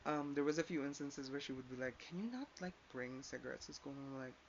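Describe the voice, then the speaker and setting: A man's voice: mid-range voice, fast talker, gravelly. A young man telling a story in a casual rant, swearing often, emphatic and full of "like". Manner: profane, emphatic, uses "like" a lot. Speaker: vlogger. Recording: slightly dull lo-fi sound with faint hiss.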